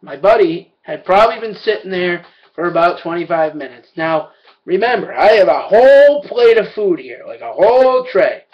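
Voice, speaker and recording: A young man doing a first stand-up set, telling a story in a loud, profane rant. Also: high voice, sing-song, moderate pace. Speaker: stand-up comedian. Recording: dull lo-fi amateur recording.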